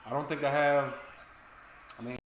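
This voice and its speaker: An American man co-hosts a footy watch-along stream, teasing his friend with casual, profane banter. His voice is mid-range with fairly even intonation at normal speed, recorded in an echoey room with faint noise.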